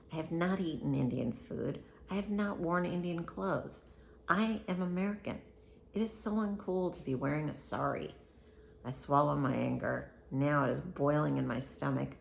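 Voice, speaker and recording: Woman, deep voice full of vocal fry, soft bedtime reading, slips into whispers. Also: slight background noise. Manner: soft-spoken, sometimes dropping to a whisper. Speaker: reader of a book aloud. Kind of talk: casual bedtime book reading.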